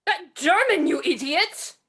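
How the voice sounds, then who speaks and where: A woman's voice: very high-pitched, animated, unhurried, background noise. A woman reading the part of a cornered young German sergeant in an amateur script reading, tense and suspicious. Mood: wary.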